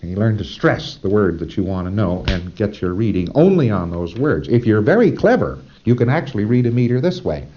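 A man's voice: on the low side, very animated, fairly quick, few pauses, dark tone, muffled recording. A man giving a conversational, emphatic training lecture, often checking in with "see?".

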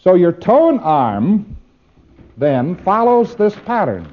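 A man's voice: sits high, sing-song, slow pace, muffled recording. A man giving a demonstrative lecture, acting out exchanges with playful repetition.

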